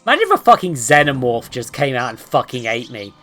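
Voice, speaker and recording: A young woman plays a horror game on stream, swearing and making sarcastic jokes. Her pitch swings animatedly and her tone is bright and sharp, with faint game music behind her. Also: wildly swooping pitch, fast. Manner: sarcastic, swears, greets monsters playfully. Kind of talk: casual gameplay commentary.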